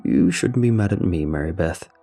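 A man's voice: low-pitched, animated, normal speed, vocal fry, warm tone, slightly rough, soft background music, exaggerated voice. A man putting on a gloating masked ringleader, muffled and sneering. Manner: gloating, taunting, muffled behind a mask. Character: cackling sadistic masked man, ringleader of a cruel game.

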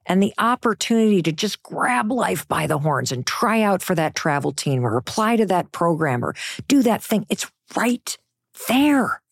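A woman's voice: mid-range voice, sing-song, normal speed, creaky, no room sound, clean studio sound. A middle-aged woman giving a motivational talk, emphatic and conversational, sometimes dropping into a whisper for effect. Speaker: motivational speaker.

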